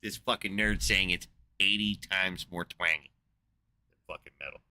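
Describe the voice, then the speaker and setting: A man's voice: low voice, moderate pace, sharp tone, dry recording. A man in a casual, rambling monologue, swearing a lot, incredulous and full of fillers. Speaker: podcast host. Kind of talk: casual profane rant.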